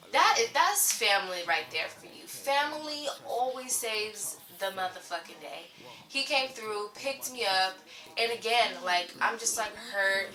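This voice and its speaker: A woman's voice: mid-range voice, pushed and bright. A young woman telling a casual storytime to her viewers, chatty and full of filler words. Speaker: vlogger. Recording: echoey room, mic at a distance, faint music.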